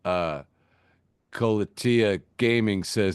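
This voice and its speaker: A man's voice: medium pitch, expressive, moderate pace, dry recording. A man hosting a casual chat podcast, reading out funny posts and laughing at them as he goes. His voice sits in an ordinary middle register. It is recorded dry and close on a call mic. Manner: laughs often, reads jokes aloud. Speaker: podcast host. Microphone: video call mic.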